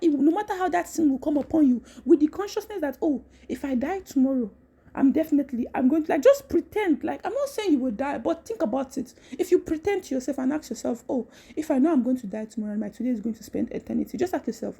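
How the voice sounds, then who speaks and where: A woman giving a casual devotional talk, animated, repeating phrases and laughing often. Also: high-pitched, creaky. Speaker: Christian content creator.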